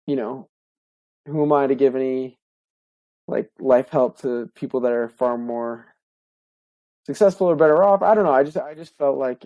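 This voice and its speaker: Young man, warm dark tone, close dry sound, halting heartfelt podcast story. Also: mid-range voice, dry recording. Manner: halting, many fillers and restarts, heartfelt. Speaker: podcast co-host. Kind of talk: personal story, casual monologue.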